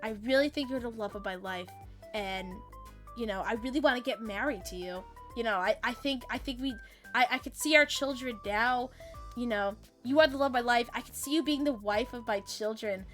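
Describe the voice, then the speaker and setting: A pushy, clingy young man on a date, as a woman puts him on, talking low and earnest in a droning, lovesick way. The voice is dropped down from a fairly high natural register, and faint music plays underneath. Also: fairly even intonation, normal speed, natural voice.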